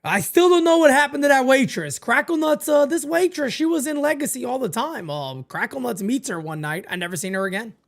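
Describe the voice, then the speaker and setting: A man hosting a live-stream watch party, calling the baseball game and chatting with viewers in a casual, excitable way. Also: a little fast, hardly any pauses. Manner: animated, jumps into high excited calls then drops low and quiet.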